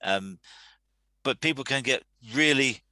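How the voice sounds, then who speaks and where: A man hosting a weekly talk series, explaining calmly in a halting way, often repeating words and restarting. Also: mid-range voice, smooth, no echo. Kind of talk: solo talk to camera.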